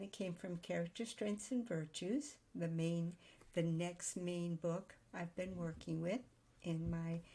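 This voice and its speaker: A woman teaching writers in a thoughtful, explanatory way, pausing to reason aloud as she goes. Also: fairly low pitch, warm tone. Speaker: writing teacher. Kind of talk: daily video lesson on note-taking.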